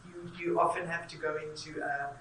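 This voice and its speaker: A talkative woman interviews theatre people, her voice bright and forward. She sits some way from the mic, and the room rings around her. A faint room noise lies underneath. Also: low-pitched, little pitch movement, brisk. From South Africa. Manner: effusive, talkative. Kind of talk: enthusiastic conversational interview. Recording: echoey room, mic at a distance.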